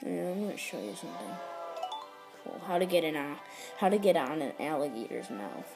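A woman's voice: low-pitched, sing-song, fairly quick, gravelly, music in the background. A woman giving casual game commentary as the host of a gameplay tutorial, explaining each step while she rambles and corrects herself.

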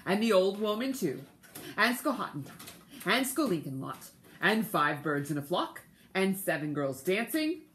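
A woman voicing a greedy, boastful fat male cat in a storybook reading, listing loudly everything he has eaten. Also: medium pitch.

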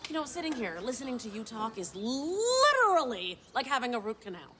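A woman's voice: on the high side, sing-song, brisk, heavy background noise. A woman playing an exasperated fellow parent who speaks sarcastically for a sketch comedy. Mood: sarcastic. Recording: TV studio audience laughter.

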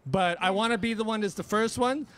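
A middle-aged man, a radio DJ, telling a story in casual chat, animated and profane, acting out the people he quotes. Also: high voice, a little fast. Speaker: radio DJ guest.

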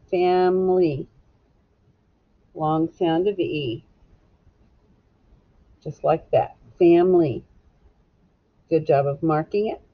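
Slow, clear woman teaching phonics. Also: on the low side, lo-fi sound. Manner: slow, clear and encouraging, sounding out letters. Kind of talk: recorded phonics lesson for children.

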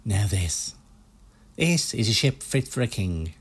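A man voicing a pushy, fast-talking used-ship salesman with a put-on American salesman accent, reading game dialogue. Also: lowish voice, sing-song, breathy edge, full character voice. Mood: smooth salesy. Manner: slick, hard-selling patter.

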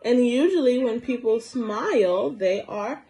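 A young woman teacher reading a storybook aloud to small children, slow and encouraging, asking them questions as she goes. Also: fairly high pitch, lively intonation, warm tone, low-quality recording. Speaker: preschool teacher.

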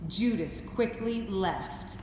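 Woman narrator, very slow and clear, faint hiss behind. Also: medium pitch, animated, darkish tone. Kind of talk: skit narration.

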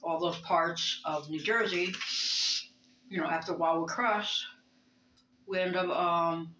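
A woman's voice: lowish voice, steady tone, slow pace, bright, forceful tone, slight background noise. A woman, rambling in a personal vlog, hesitant and reflective, with many fillers and restarts. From Brooklyn, New York. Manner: emotional, reflective. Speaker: vlogger. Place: bedroom. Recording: roomy bedroom echo.

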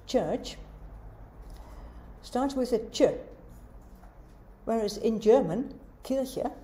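A woman giving a university lecture, explaining in a measured way and asking rhetorical questions. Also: on the high side, animated, warm tone.

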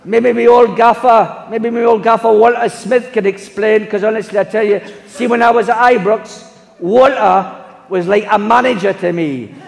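A man's voice: high-pitched, moderate pace, vocal fry. A man impersonating a rambling football man, full of fillers, on a live stage. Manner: rambling, full of fillers, deadpan self-regard. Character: rambling Scottish ex-player tipped as manager. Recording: live hall with audience.

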